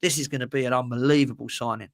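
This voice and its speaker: A man's voice: mid-range voice, steady tone, rapid-fire, no room sound, clean studio sound. A man in casual football chat, ranting bluntly and emphatically.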